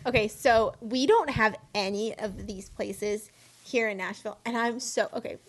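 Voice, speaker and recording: A woman's voice: fairly high pitch, moderate pace. A woman co-hosting a faith podcast, chatting in an upbeat, casual way. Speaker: podcast co-host. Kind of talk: casual chat.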